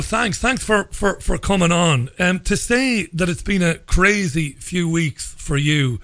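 A middle-aged man with an Irish accent hosting a talk radio interview, speaking in a measured, deliberate way and often restarting his sentences. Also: on the high side, a bit bright, no room sound. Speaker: radio host.

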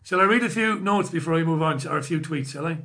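A man's voice: on the high side, fast talker, sharp tone. Sardonic British man reading viewer messages. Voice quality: bald, self-described poor at accents. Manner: sardonic, swears freely, laughs at himself. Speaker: live stream host. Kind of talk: casual live stream chat, reading viewer messages.

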